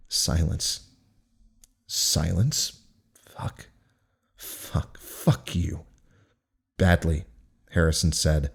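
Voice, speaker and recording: Man narrating an intense, profane first-person story. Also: on the low side. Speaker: audiobook narrator.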